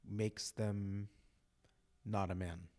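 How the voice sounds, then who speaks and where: Low-voiced man from Egypt, off-mic. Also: little pitch movement, very slow, darkish tone. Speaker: group member. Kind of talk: sharing in a group discussion.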